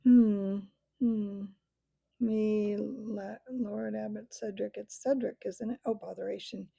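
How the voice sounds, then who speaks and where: A woman voicing a very old, absent-minded male mouse who keeps records, speaking in a squeak barely above a whisper. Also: steady tone, slow pace, vocal fry, dark tone, slightly rough, no room sound, lo-fi sound, full character voice. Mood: fussy.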